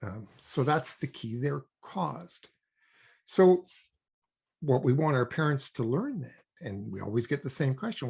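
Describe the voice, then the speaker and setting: An older man from Canada, a guest expert on child development, explaining at a measured pace with frequent ums and emphatic points. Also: mid-range voice, sing-song, creaky, darkish tone, slightly rough. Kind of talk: conversational explaining.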